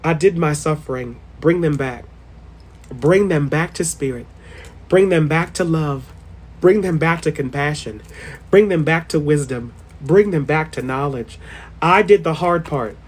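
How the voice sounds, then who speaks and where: A vlogger voicing a solemn male savior god who gives slow, commanding final orders. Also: breathy edge, natural voice. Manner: slow, lowered, commanding repetition. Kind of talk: acted religious monologue.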